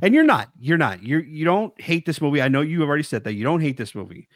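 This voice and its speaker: A man's voice: on the high side, very animated, fast, no echo, clean studio sound. A man co-hosting a horror film podcast, talking casually and animatedly, laughing often and breaking into quoted voices. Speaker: podcast co-host. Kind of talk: casual chat.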